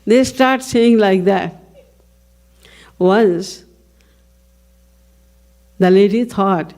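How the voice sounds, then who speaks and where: Mellow-voiced woman giving a devotional lecture. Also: medium pitch. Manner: measured storytelling, poses and answers own questions. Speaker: spiritual lecturer.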